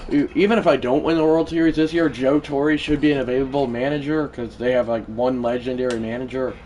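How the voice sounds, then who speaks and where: A man's voice: medium pitch, steady tone, brisk, a little mellow, a little hiss or hum. A man live-streaming a video game, commenting on the play and talking to his chat in a rambling, easily irritated way. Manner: talks to chat, easily frustrated, rambling asides.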